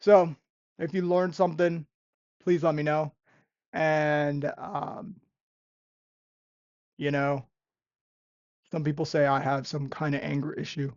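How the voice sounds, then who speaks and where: A woman's voice: low voice, little pitch movement, slow, long pauses, a little mellow, no echo. A young woman, a restaurant busser, ranting in a vlog monologue with sarcastic exasperation and repeated phrases. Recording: dull, lo-fi and dry.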